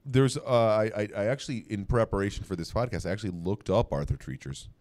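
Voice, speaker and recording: A man's voice: lowish voice, expressive, fast, a little mellow. A man hosting a podcast in loose, joking chat, often trailing off into fillers and restarts. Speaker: podcast host.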